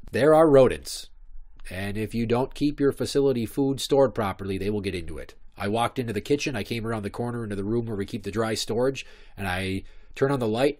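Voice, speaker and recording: A man's voice: lowish voice, a little mellow. A man in his thirties hosting a podcast, telling stories in a rambling, profane comic monologue. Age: 30s. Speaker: podcast host.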